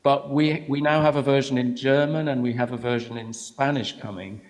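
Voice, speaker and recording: Male composer, panel speaker, thoughtful and measured delivery. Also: medium pitch, steady tone, poor audio. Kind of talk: panel answer.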